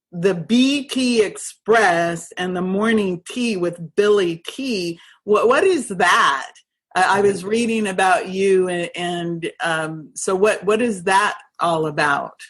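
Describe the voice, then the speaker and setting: A woman hosting an interview, asking questions slowly with many halting restarts. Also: medium pitch, husky. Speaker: host.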